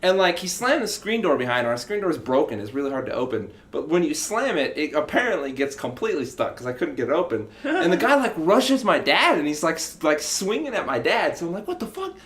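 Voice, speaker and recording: A young adult man co-hosting a podcast, telling a story in an animated, laughing way and swearing freely. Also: a little high, quick pace, hardly any pauses. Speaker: podcast co-host. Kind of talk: casual storytelling chat. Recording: echoey room.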